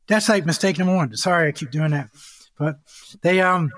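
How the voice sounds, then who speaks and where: Animated man, somewhat high voice. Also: moderate pace, dry recording, clean studio sound. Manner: rambling, animated, acts out scenes. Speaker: guest, dog breeder. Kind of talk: casual interview chat.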